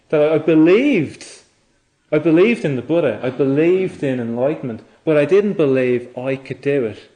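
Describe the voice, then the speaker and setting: A man giving a Buddhist dharma talk, reflective and halting, often restarting his phrases. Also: mid-range voice, a little mellow. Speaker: Buddhist teacher.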